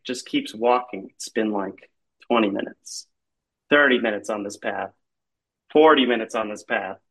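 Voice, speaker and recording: A man's voice: mid-range voice, a bit bright, rough recording. A man improvising an absurd comic story, rambling and leaning on filler words. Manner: rambling, heavy use of filler "like".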